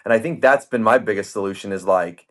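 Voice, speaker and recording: A man hosting a podcast in casual chat, telling stories in an animated way and acting out the voices of the people he quotes. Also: on the low side, fast talker. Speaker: podcast host. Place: podcast studio.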